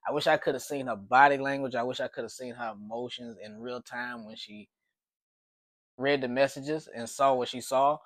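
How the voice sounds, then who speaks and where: A man's voice: mid-range voice, fairly even intonation, moderate pace, a bit bright, no room sound. A man telling a personal story in a casual, rambling way, with frequent restarts and repeated words.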